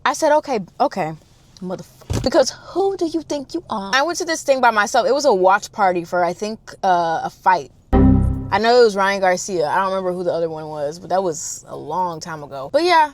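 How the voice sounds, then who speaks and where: Young woman spilling a storytime, slangy and cussing, goes from loud outbursts to quiet mutters, talks right to y'all. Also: fairly quick, faint music behind. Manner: animated, swinging between loud exclamations and hushed low asides; addresses listeners directly, slangy and profane. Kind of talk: casual storytime chat.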